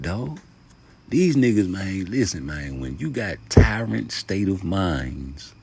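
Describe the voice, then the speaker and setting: A man hosting a casual boxing vlog, talking passionately in heavy street slang and profanity, jumping from loud outbursts to mumbled asides. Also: deep voice, slight background noise. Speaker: YouTube boxing commentator.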